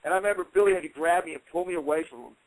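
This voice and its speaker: A man's voice: on the high side, rapid-fire, no echo, low-quality recording. A man in his forties, an interview guest and former fighter, telling a heated story and acting out what people said. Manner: animated, heated retelling with acted-out quotes.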